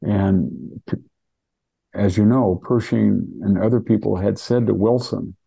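Gravelly older man recounting history. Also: on the low side, fairly even intonation, measured pace, dark tone. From California. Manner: rambling, with many restarts and asides. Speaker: podcast host discussing history. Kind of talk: casual history talk.

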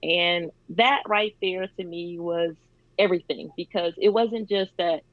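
A woman's voice: on the low side, unhurried, dry recording, lo-fi sound. A woman guest telling her story in a casual interview, laughing often and using many fillers. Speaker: charity founder, guest.

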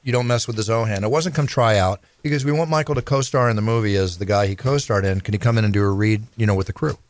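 A man's voice: lowish voice, fast talker, no room sound. A man hosting an interview, telling eager stories and asking his guests questions. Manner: eager storyteller, asks questions. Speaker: podcast host.

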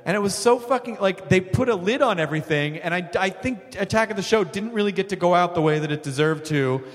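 Casting note: high-pitched male host, lively profane storyteller, live venue with long echo. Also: quick pace. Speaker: podcast host. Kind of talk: live podcast chat. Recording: long hall reverb.

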